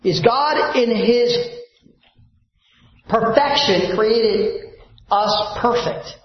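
Male pastor, fairly high voice, preaching and quizzing the room; heavy reverb, muffled lo-fi capture. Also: drawn-out words, a little hiss or hum. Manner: asks the congregation fill-in questions. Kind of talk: sermon. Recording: very echoey, dull lo-fi sound.

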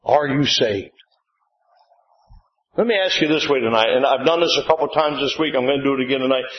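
Older preacher in a roomy church. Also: male voice, medium pitch, brisk. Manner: call-and-response "amen?", rising to excited shouts when retelling. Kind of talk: revival sermon with storytelling. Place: church sanctuary. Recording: roomy dull church recording.

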